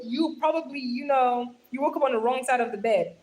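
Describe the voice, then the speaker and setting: A woman's voice: sits high, moderate pace, low-quality recording. A young woman hosting a livestream, chatting affectionately with viewers, calling them darling and laughing often, speaking into a phone held in her hand. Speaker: livestream host. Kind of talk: casual livestream chat reading comments.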